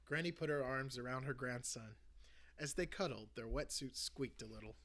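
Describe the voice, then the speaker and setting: A man hosting his channel, reading a children's book aloud with an expressive delivery. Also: mid-range voice, moderate pace. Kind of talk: storybook read-aloud.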